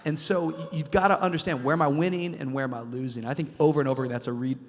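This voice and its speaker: A male pastor on a live conference panel, energetic and playful, acting out quotes as he goes. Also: fairly high pitch, quick pace. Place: conference stage before a live audience. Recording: long reverb of a large hall.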